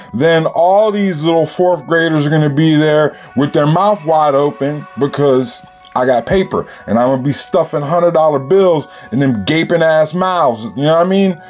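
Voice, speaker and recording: A man's voice: a little high, darkish tone. A man telling a childhood story in casual, streetwise slang, with lots of "you know.".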